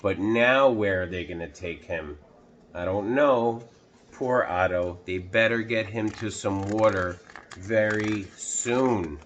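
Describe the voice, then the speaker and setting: A man reading a picture book aloud to children, pausing to ask the listener questions. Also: on the low side, muffled recording, slight background noise. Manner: slow, asks the listener questions. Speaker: children's storytime reader.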